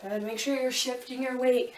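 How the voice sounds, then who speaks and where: A woman's voice: sits high, steady tone, normal speed, a little hiss or hum. A woman fitness instructor giving upbeat, chatty coaching cues during a home kickboxing workout, a bit out of breath. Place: home room. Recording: echoey room from a distance.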